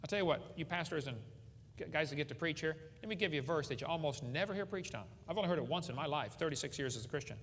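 Man, middle-aged, folksy joking preacher, animated pitch, long hall echo. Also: rapid-fire, slight background noise. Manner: folksy, joking, asks the audience questions. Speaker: creationist speaker. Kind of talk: humorous seminar preaching to a live audience. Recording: hall reverb with faint ambience.

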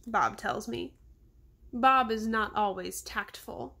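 A woman calmly reading a children's novel aloud. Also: medium pitch, slow, gravelly. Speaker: reader.

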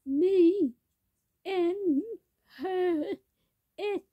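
A woman's voice: extremely high pitch, very slow, no echo. A woman in a rambling sung-spoken monologue, repeating each phrase again and again. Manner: repetitive, chanting phrases over and over. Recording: tinny phone-like dry recording.

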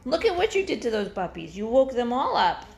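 Farm vlogger lady cooing at her puppies, kinda high and a bit gravelly, laughs a lot. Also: sing-song, fairly quick, a little mellow. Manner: coos at dogs in a singsong voice; chatty, laughing easily. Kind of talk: casual talk to dogs and camera.

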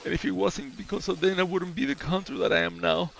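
A man's voice: sits high, fairly even intonation, fast, creaky, fairly bright tone. A man hosting gameplay commentary, gushing and over the top, repeating himself as he talks. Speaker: gaming channel host.

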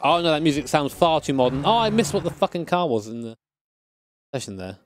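A man's voice: a little high, very animated, fairly quick, faint music behind. Chatty swearing male game streamer. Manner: casual, joking, swears freely. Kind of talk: live-stream gaming commentary. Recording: game car noise behind. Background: racing game engine sounds.

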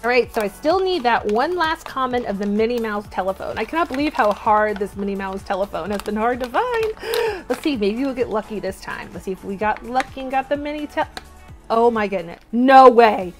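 A young woman with a bright, high voice talks through a toy unboxing in a bubbly, gushing way. Faint music plays softly behind her. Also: very animated, brisk. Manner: bubbly, gushing, bursts into squeals and cheers. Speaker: toy unboxing channel host. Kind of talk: excited unboxing vlog.

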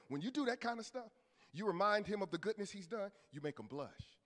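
A male pastor preaching a sermon, moving from low murmurs to shouted peaks, with casual asides and call-and-response to the congregation. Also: expressive, fairly quick. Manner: colloquial preaching with church asides. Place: church sanctuary. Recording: long reverb of a church hall.

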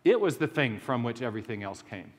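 A man's voice: medium pitch, big pitch swings, fast talker. A man giving a public lecture as anecdotal storytelling, with frequent restarts and self-deprecating humor. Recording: long hall reverb.

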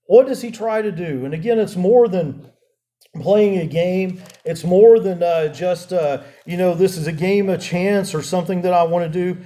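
Halting, mellow-voiced male pastor. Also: sits high. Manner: halting, many fillers and restarts. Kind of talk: sermon.

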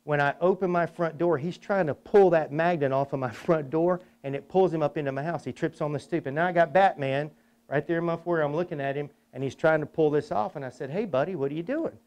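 A man's voice: on the high side, brisk, a little mellow. A man hosting a technical webinar, chatting casually, telling stories and leading a prayer. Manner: folksy, chatty, tells anecdotes. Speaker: webinar host. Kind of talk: casual presentation with storytelling and prayer.

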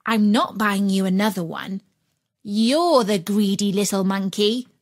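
A woman voicing a stern mother scolding her son slowly and firmly. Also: medium pitch, close to an everyday voice. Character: stern, dismissive mother of a boy.

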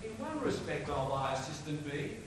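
A man's voice: a little high, sing-song, moderate pace. A young man acting a chiding older friar in a stage play, exclaiming and scolding in verse. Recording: echoey hall, far, noisy old tape.

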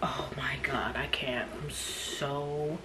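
A woman with a low voice gushes over a new bag in an unboxing vlog, taking her time and slipping between soft speech and whispers. The home recording carries clear background noise throughout. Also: fairly even intonation, slow pace. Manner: gushing, often dropping to a whisper. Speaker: unboxing vlogger. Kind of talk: excited unboxing chat. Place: room at home. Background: kids playing outside.

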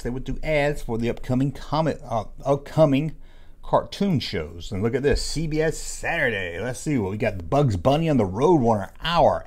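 A YouTube host with a mid-range, slightly mellow male voice comments casually on old comic book ads. He sprinkles in jokey, sarcastic asides.

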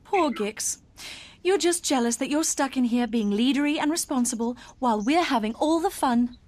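A woman's voice: high voice, lively intonation, moderate pace, darkish tone, dry recording. Cheeky young researcher girl. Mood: teasing. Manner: teasing, playful.

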